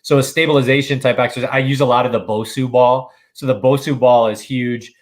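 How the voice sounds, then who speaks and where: A man's voice: medium pitch, steady tone, brisk. A man in casual podcast chat, explaining with enthusiasm, many restarts, and frequent use of "dude". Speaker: podcast co-host.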